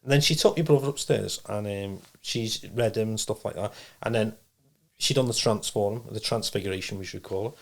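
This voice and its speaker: In a casual interview, a male guest who is a trance medium rambles through a personal story, voicing the quotes dramatically. His voice is fairly low and his pace brisk, with animated delivery.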